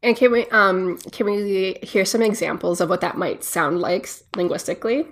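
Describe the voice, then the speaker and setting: A woman's voice: medium pitch, normal speed. A woman co-hosting a podcast, asking questions and reacting with chatty, joking asides. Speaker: podcast co-host. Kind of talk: casual interview talk.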